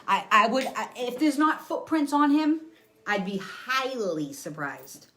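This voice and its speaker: Animated, blunt-talking woman psychic medium. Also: on the high side, a little slow, slight background noise. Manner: animated, blunt and profane, acts scenes out with sound effects; talks to an unseen listener and to viewers. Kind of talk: live psychic reading for viewers.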